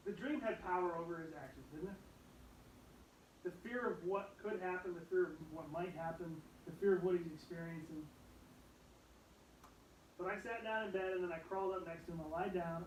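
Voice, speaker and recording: A young adult man preaching a youth sermon, animated and dropping to hushed tones for stories. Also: high voice, fairly quick, slight background noise. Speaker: youth pastor. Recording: echoey room, distant mic, faint ambience.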